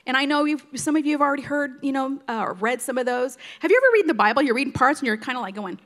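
A woman teaching a Bible passage in a relaxed, conversational way, retelling the story in her own words with plenty of fillers. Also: sits high, fast talker.

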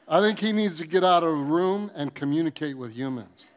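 A man preaching a sermon, telling comic stories with acted-out quotes and swinging between loud bursts and soft, earnest passages. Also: fairly high pitch, animated, moderate pace. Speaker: pastor.

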